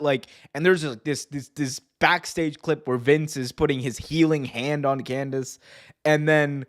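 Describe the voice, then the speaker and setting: Excited, laughing male wrestling podcaster. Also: a little high. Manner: excited, laughing, stammering restarts, mimics commentators. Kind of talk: casual chat.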